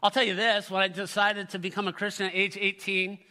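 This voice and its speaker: A middle-aged male pastor preaches with earnest conviction and calls out to his congregation. His voice sits high and sounds bright and forceful. The sanctuary gives the sound a long, ringing reverb. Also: flat delivery, fairly quick. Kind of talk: sermon. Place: church sanctuary.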